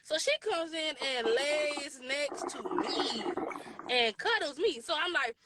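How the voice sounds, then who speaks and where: A woman's voice: sits high, takes it slowly, heavy background noise. A woman, telling a story on a live show and acting out the voices of the people in it. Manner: animated, acts out quoted voices, Southern US slang. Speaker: podcast co-host telling a story.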